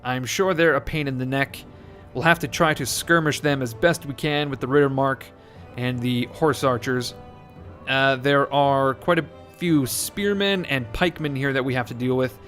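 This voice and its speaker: A man's voice: medium pitch, moderate pace, fairly bright tone, faint music behind. Male let's-play host, casual and chatty, thinks aloud and corrects himself. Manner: rambling, self-correcting, joking. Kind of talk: casual gameplay commentary.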